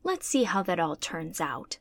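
A woman podcast host reading a classic children's book aloud in an even narrating manner. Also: on the low side, a little slow, no room sound. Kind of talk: storybook read-aloud.

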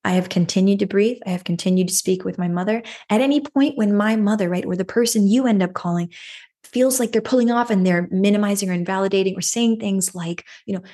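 A woman's voice: mid-range voice, fast talker, mellow. Earnest woman telling a personal story. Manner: earnest, repeats phrases, frequent rhetorical "right?". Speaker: podcast host. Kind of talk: personal story with self-help advice.

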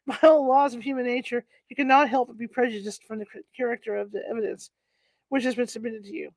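A woman's voice: fairly high pitch, fairly even intonation, a little fast, no echo. A woman reading a historical courtroom account aloud, stumbling over words and correcting herself as she goes. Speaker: narrator.

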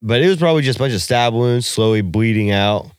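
A man's voice: medium pitch, lively intonation, fast talker, clean tone, no room sound. Profane joking man, dry close sound. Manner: profane, joking, laughs often. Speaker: podcast co-host. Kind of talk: casual chat.

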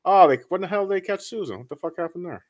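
A man's voice: high-pitched, fast talker. A man chatting casually and swearing a lot as he comments on a film he is watching with friends. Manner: profane, animated commentary on a film. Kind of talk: casual reaction chat.

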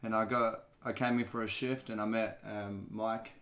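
A man from Australia with an Australian accent, a bartender guest chatting casually on a podcast in an easygoing way, pausing on fillers. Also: on the low side, level tone, a bit bright.

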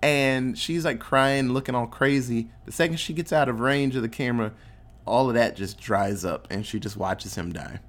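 Speaking at a moderate pace in a mid-range voice, a man runs through a film's plot in a relaxed way. He performs the characters' quotes with animation and curses without restraint.

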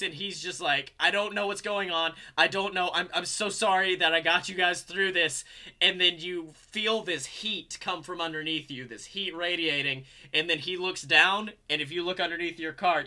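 A young man in casual chat, telling a long story in an animated, rambling way with lots of fillers. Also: on the high side.

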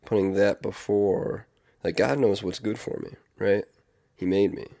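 A man's voice: lowish voice, fairly even intonation, unhurried, vocal fry, warm tone. A man talking in a casual confessional monologue, rambling and earnest, with many fillers and restarts. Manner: earnest, reflective. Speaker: vlogger.

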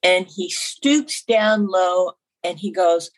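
A woman chatting casually, telling lively, blunt anecdotes. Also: fairly low pitch, slow, poor audio. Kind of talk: casual chat.

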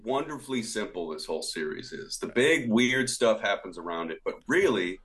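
Man, film podcast co-host, casual chat, lively pitch, animated, acts out quotes. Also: normal speed.

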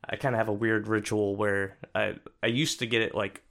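Easygoing low-voiced man reminiscing. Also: little pitch movement, brisk, creaky, fairly bright tone. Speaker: podcast co-host. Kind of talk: casual chat.

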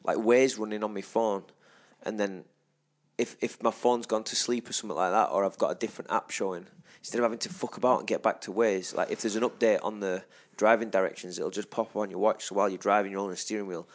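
A young man co-hosting a casual podcast chat, animated and sweary, pressing his point with conviction. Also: lowish voice, fast. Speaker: podcast co-host.

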